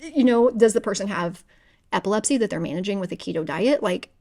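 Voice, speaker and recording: Chatty, animated woman podcast co-host. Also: medium pitch, a little fast. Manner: chatty, animated, lots of fillers and acted-out inner voices. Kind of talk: casual book-club chat.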